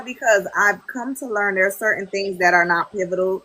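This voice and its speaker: Husky woman in her 30s on a podcast, animated storyteller, acts out what people said. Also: mid-range voice, a little fast, poor audio. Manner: animated storyteller, quoting others in lively voices. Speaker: podcast guest. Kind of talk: casual podcast chat.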